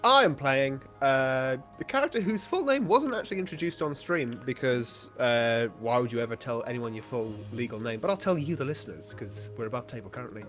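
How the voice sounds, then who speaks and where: A man talking casually as a guest player at a tabletop game. He jokes about himself in a middle-pitched voice. Music plays behind him. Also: lively intonation, brisk, hardly any pauses, a bit bright. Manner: joking, self-deprecating.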